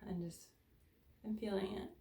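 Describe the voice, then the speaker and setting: Woman, tapping session guide, casual, candid, swears, sighs, middle pitch, echoey room. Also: fairly even intonation, moderate pace, creaky, dark tone.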